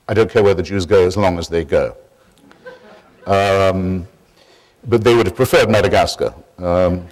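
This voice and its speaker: A man giving a public lecture in a wry, digressive, measured way. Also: low voice.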